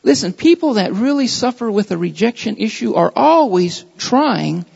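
A man's voice: sits high, very animated, normal speed, creaky, a little mellow, slightly rough. A man preaching a sermon in a church, earnest and repeating his phrases for emphasis. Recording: dull lo-fi recording with long hall reverb.

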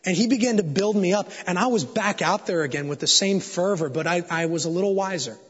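A man's voice: high-pitched, a little fast, breathy edge. A man preaching a sermon to a congregation, telling an earnest, confessional story and building to fervent exhortation. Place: church sanctuary before a congregation. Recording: dull sound with long hall reverb.

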